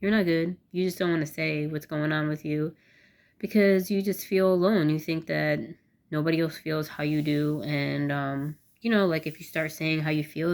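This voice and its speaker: A woman with a notably low voice speaks to camera in a loose, candid vlog style. She rambles a little and fills her sentences with "like" and "you know". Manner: candid, rambling, lots of "like" fillers. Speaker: vlogger. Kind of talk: casual talk to camera.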